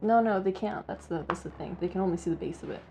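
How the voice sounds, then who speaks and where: A woman's voice: on the low side, darkish tone. A woman co-hosting a do-it-yourself prop build, chatting casually and cracking playful jokes. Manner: playful and jokey, quick asides. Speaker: co-host of a DIY prop-making channel. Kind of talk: casual chat while crafting. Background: background music.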